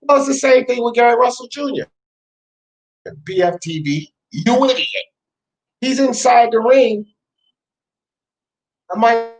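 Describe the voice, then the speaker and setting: A man's voice: sits high, low-quality recording. Scornful man ranting about sports. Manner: scornful, emphatic, repeating insults. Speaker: sports talk show host.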